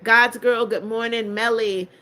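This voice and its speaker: A woman's voice: a little high, steady tone, unhurried, bright, forceful tone. An older woman with a congested voice, hosting a livestream and answering viewer comments one by one in a chatty, blunt way. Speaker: livestream host. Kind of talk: reading viewer comments aloud.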